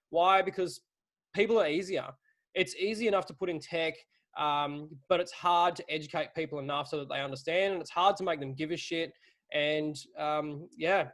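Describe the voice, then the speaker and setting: A man in a relaxed webinar chat. His voice sits a little high, and he explains things bluntly and with energy, dropping the odd casual swear word. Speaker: webinar host.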